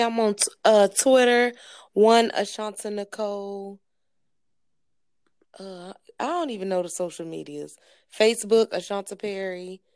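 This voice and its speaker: A woman's voice: medium pitch, a little mellow, clean tone, dry recording, studio quality. A woman guest on a podcast, chatting casually and hesitating with fillers. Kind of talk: casual chat.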